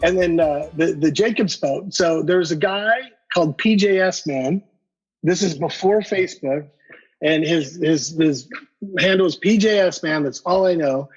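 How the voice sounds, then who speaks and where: A man's voice: fairly high pitch, measured pace, breathy edge, soft background music. Man telling a story with stammering repeats. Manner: animated, repeats words, acts out dialogue. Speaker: guest collector. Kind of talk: casual storytelling. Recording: dull lo-fi podcast audio.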